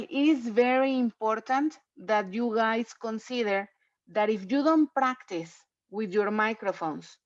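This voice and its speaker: A woman's voice: on the high side, no room sound. Chatty woman teaching an online class. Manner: chatty, repeats points, checks in with "okay?". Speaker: English teacher. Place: home. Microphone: computer mic on video call. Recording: dull, lo-fi video call audio.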